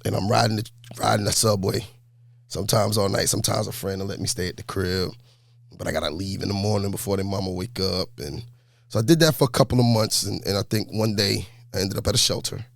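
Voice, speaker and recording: A man, a basketball coach telling his life story in a laid-back, animated way during an interview. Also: lowish voice, fast talker, gravelly, no room sound. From New York. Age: 40s. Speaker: high school basketball coach.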